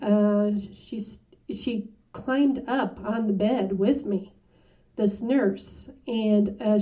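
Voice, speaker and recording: Woman guest, slow and mellow, sharing a testimony; distant, muffled mic. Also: fairly high pitch. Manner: halting, many "you know" fillers. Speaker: interview guest. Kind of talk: personal testimony.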